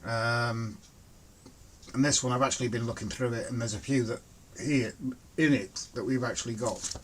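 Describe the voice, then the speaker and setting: A man's voice: medium pitch, steady tone, normal speed, fairly bright tone. A man hosts a casual livestream from home. He talks in a middle-range voice, greeting viewers by name. The recording carries a faint hiss and the odd click. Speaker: livestream host. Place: home, indoors.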